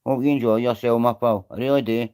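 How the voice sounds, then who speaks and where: A man's voice: mid-range voice, fairly even intonation, fast talker, a little mellow, clear, resonant tone. A Scottish man on a live stream, rambling and greeting viewers by name in casual chat.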